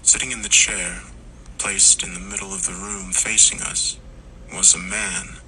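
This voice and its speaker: A man reading a scripted horror story in slow, hushed tones, sometimes dropping to a whisper. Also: deep voice, little pitch movement, creaky, slight background noise, low-quality recording. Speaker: narrator.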